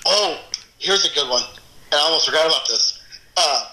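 A man's voice: fairly high pitch, animated, moderate pace, pushed and bright, reverberant, poor audio. A man reminiscing in casual chat, telling wild stories with lots of swearing and laughter. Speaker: former club DJ, guest.

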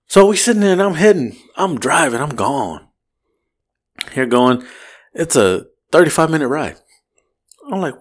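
A man's voice: mid-range voice, normal speed. A man telling a long story on a casual podcast, swearing and acting out the voices of the people in it. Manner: animated, swearing, acts out voices in his story. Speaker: podcast co-host.

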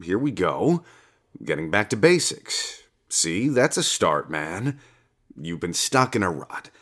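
Casting: man voicing a chill, cussing God, very deep voice, lively swinging delivery, audiobook. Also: takes it slowly, heavily acted. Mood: coaxing. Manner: relaxed, coaxing, swears freely. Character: laid-back, foul-mouthed male God, casual bro. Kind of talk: audiobook character reading.

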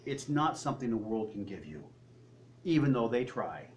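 A man preaching a sermon, swinging between loud, high peaks and low, quiet asides. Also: very animated, moderate pace, slight background noise.

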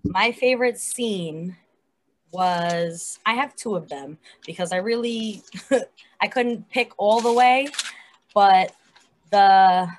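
A woman's voice: medium pitch, takes it slowly, pauses often, slight background noise. Chatty woman reviewing a TV episode. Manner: animated and chatty, many fillers. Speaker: podcast co-host. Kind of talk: casual chat reviewing a TV episode.

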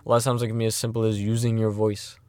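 A man's voice: fairly low pitch, level tone, racing, darkish tone, clear, resonant tone, dry recording. A man hosting his own podcast, talking casually and thinking aloud with many fillers and restarts in an earnest, reflective way. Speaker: podcast host. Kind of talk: casual solo monologue.

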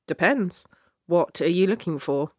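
A woman's voice: fairly low pitch, animated, unhurried, darkish tone, no room sound, clean studio sound. Woman playing a sly young street vendor. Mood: teasing. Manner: teasing, cryptic.

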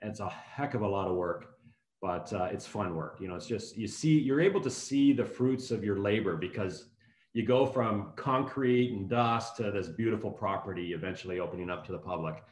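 A man's voice: lowish voice, moderate pace. A man in his fifties, a guest in an interview, talking in a friendly, rambling way with many restarts. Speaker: guest, hotel executive. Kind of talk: casual interview talk. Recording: echoey room.

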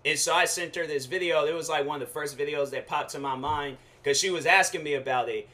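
Bright-voiced young man ranting casually. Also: a little high, fast. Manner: animated storytelling, slangy, frequent fillers. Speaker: podcast host. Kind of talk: casual rant.

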